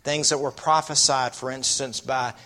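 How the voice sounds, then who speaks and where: A man's voice: mid-range voice, fairly even intonation, moderate pace, bright, forceful tone. A man preaching a sermon, often putting rhetorical questions to his listeners.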